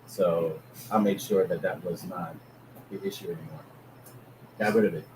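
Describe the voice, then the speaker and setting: A man's voice: low voice, steady tone, moderate pace. A man from Germany co-hosting a casual chat, joking and teasing with some swearing. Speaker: podcast co-host. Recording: echoey room with background noise.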